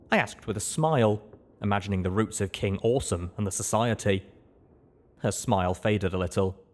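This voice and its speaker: A man reading a first-person fantasy audiobook in an expressive storytelling manner. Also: sits low, normal speed. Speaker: audiobook narrator.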